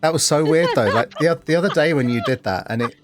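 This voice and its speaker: A man's voice: fairly high pitch, animated, fast, music in the background. A man streaming a game, chatting casually, reading chat aloud, laughing and swearing freely.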